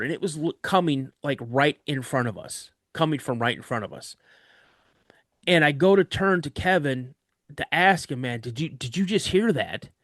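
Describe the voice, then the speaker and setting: A man's voice: on the high side, fairly bright tone, dry recording, studio quality. Man telling a suspenseful true story. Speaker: podcast guest. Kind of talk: recounting a scary true story.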